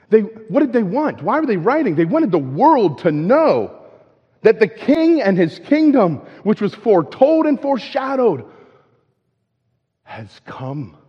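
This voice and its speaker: A man gives a conversational sermon in a large church hall. His voice sits a little high. He keeps tossing "right?" to the congregation. The sound is dull and lo-fi, with a long reverb tail. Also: husky. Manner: conversational, checks in with "right?" often; repeats and restarts as he goes. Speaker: preacher.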